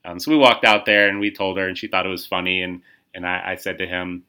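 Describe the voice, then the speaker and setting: A middle-aged man hosts a podcast and tells a long anecdote in a casual, rambling way. His voice sits a little low but has a bright, forceful edge. He stumbles over restarts and fillers, and lifts his pitch sharply whenever he acts out someone else's lines. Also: fast. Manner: retells a story, acting out quoted voices with lively pitch jumps; frequent fillers and repeated starts. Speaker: podcast host. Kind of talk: casual storytelling.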